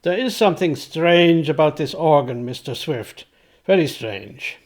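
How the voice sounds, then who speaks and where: A man's voice: fairly high pitch, lively intonation, measured pace. A man reading aloud, voicing an earnest, courteous eighteenth-century composer in formal, old-fashioned speech.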